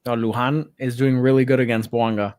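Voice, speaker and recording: A man's voice: mid-range voice, steady tone, brisk, darkish tone, dry recording. A man co-hosting a casual watch-along, narrating the match action like a play-by-play commentator. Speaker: co-host doing match commentary.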